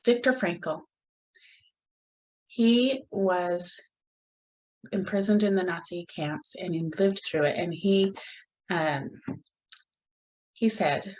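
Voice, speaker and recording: A woman talks alone on her podcast in a slightly low voice. She is earnest and reflective and stops to pause and restart her thoughts. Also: darkish tone, rough recording. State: gets emotional at moments. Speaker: podcast host. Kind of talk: solo podcast talk.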